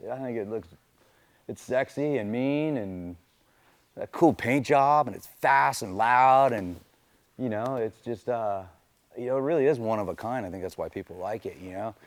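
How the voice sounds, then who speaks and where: A man's voice: mid-range voice, moderate pace, dry recording. A middle-aged man, a race car driver, telling stories in a loose, chatty way full of "you know" fillers. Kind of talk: casual storytelling interview.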